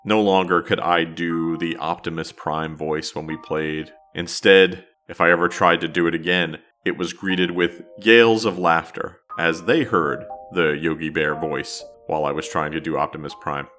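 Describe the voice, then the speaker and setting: A man's voice: low voice, fairly even intonation, moderate pace, hardly any pauses, a bit bright, a little hiss or hum. A man from New Jersey hosting a podcast, telling a wry, self-deprecating story in scripted narration. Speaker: podcast host.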